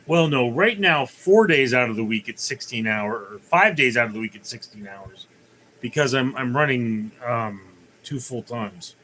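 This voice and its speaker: Bright-voiced man chatting on a livestream. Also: mid-range voice, expressive, normal speed, slight background noise, rough recording. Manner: rambling, many fillers and restarts, tells jokes. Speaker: livestream host. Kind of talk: casual chat reading viewer comments.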